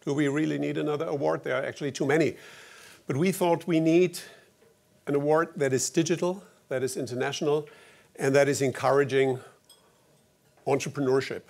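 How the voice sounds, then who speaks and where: A man from Germany with a German accent, giving a formal opening speech at an award ceremony in a wry, anecdotal way with slightly halting phrasing. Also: a little high, fairly even intonation, creaky, a little mellow.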